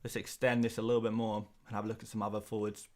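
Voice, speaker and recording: A man's voice: fairly low pitch, little pitch movement, fast talker, a little mellow. A man hosting a casual livestream, jokey and laughing often as he answers chat. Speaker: fantasy football livestream host.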